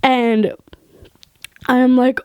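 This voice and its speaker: A woman telling casual stories straight to camera, animated and swearing freely, laughing mid-sentence. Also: high voice, very slow, muffled recording. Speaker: vlogger. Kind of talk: casual storytelling.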